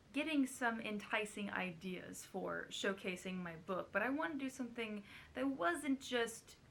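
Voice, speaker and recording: A woman's voice: mid-range voice, a bit bright. Chatty nervous young woman vlogger. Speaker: author and vlogger. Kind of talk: casual vlog chat.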